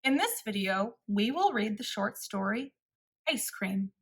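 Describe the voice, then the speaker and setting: A woman reading a picture-book story aloud to children in a slow, expressive way. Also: medium pitch, breathy edge.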